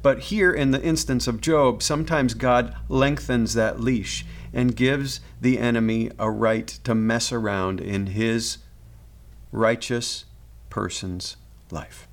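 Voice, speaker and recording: An earnest male pastor delivers a sermon in a voice of middling pitch. He speaks in a pastoral way and sometimes doubles back on a word while building toward his point. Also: fairly even intonation, slow pace.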